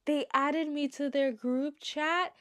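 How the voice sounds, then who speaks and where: Host casting: young woman, fairly high voice, reads stories aloud, drops in heartfelt asides. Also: fairly even intonation, slow, fairly bright tone. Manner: emotional, chatty asides between read passages. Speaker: story reaction host. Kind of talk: reading stories aloud with reactions.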